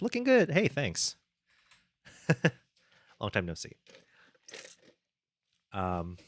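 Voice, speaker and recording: Low slow guy coding on stream, talks to himself n chat, dry close mic sound. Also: no echo. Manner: thinking aloud while coding, muttering to himself; reads chat and thanks viewers casually. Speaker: game developer streamer. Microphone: close desk mic.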